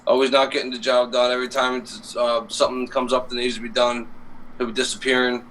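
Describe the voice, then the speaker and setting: A man's voice: medium pitch, completely flat delivery, fast talker, fairly bright tone. A man co-hosting a casual live stream, rambling and swearing with lots of fillers. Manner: rambling, profane, many fillers. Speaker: co-host. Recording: distant mic, faint noise.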